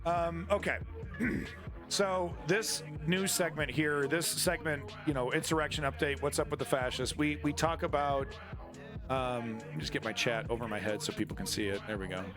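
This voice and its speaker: A man's voice: on the high side, normal speed, over music. A man commenting on news during a livestream, talking in a crude, irreverent and mocking way.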